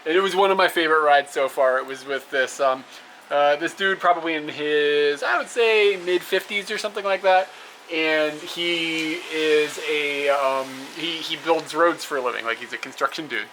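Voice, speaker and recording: On a low-quality outdoor recording with noticeable traffic, a young travel vlogger speaks in a highish, slightly bright voice at a moderate pace. He rambles casually to his camera near roads and rest stops, using fillers and laughing often.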